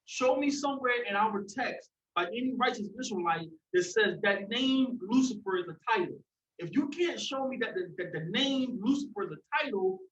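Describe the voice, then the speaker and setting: A man leading a religious discussion, preaching forcefully and breaking into shouts. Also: high-pitched, reverberant, distant mic, dull audio. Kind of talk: fiery preaching.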